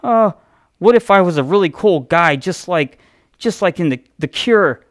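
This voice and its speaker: A man's voice: high voice, lively intonation, normal speed, dry recording, studio quality, pitched above the performer's own voice. A man voicing a wistful male comic artist who daydreams aloud about being cool. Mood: dreamy. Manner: dreamy, wishful musing.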